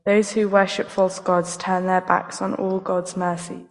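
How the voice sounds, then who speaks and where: A woman reading a scripture passage aloud in church, steady and even. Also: medium pitch, measured pace. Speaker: scripture reader. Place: church hall. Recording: long hall reverb.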